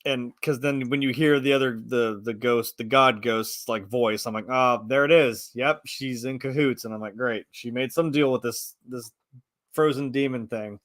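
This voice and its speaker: A man in his thirties chatting casually as a film review podcast co-host, rambling and animated, acting out his own reactions. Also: mid-range voice, normal speed, no room sound, clean studio sound. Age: 30s. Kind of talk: casual chat.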